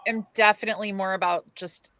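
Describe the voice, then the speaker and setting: A woman from Chicago, a paranormal investigator, chatting as a podcast guest in a relaxed way full of fillers. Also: mid-range voice, brisk, no echo. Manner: relaxed, many "you know" fillers. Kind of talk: casual interview chat.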